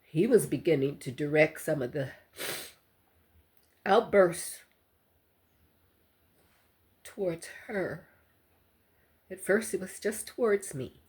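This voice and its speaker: An older woman speaks to her viewers in a slow, unhurried voice with a husky, breathy edge. Her delivery is halting and heartfelt, full of pauses, in the manner of a personal vlog. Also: fairly low pitch, lively intonation, darkish tone. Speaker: vlogger. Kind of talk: emotional personal testimony to camera.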